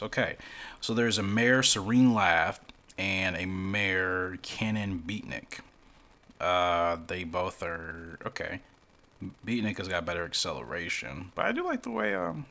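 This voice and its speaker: A man's voice: sits low, gravelly, fairly bright tone. A man casually commenting as he plays a mobile game for his channel, rambling along with self-deprecating asides. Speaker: gaming YouTuber.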